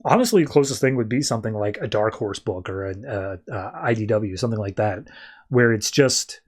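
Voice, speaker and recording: A man's voice: fairly low pitch, a little fast. Chatty man recapping comics. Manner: chatty, animated storyteller. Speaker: podcast host. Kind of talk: casual comic book review.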